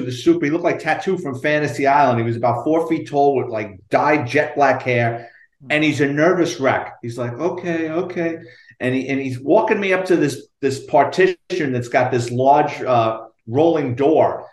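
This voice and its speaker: A man, a retired detective spinning stories in a lively, salty way and voicing everyone in them. His voice sits a little high for a man. The room around him rings with a noticeable echo. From New York. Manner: animated, profane, acts out quotes. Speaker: retired police detective, guest. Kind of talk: storytelling in a podcast interview.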